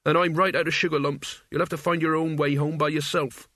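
A man's voice: fairly high pitch, level tone, brisk, fairly bright tone, no echo, clean studio sound, natural voice. A man reading an audiobook, voicing a tired but determined young man who speaks wearily and firmly. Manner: weary, firm.

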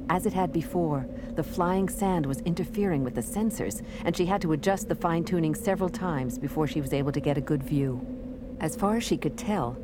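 Low-voiced woman narrating a novel. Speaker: audiobook narrator. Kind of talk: scripted narration. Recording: noisy recording.

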